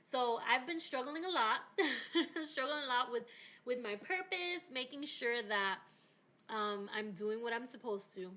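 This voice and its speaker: Woman hosting a faith podcast, animated. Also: fairly high pitch, a little slow. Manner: animated, emotional storytelling. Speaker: podcast host. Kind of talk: faith-focused casual chat.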